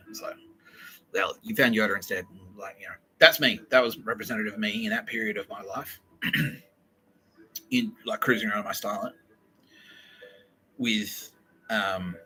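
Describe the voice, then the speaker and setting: A man's voice: lowish voice, pushed and bright, poor audio. An Australian man hosting a podcast, telling a rambling comic story full of swearing and laughter. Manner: profane, laughing, digressive storytelling. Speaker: podcast host.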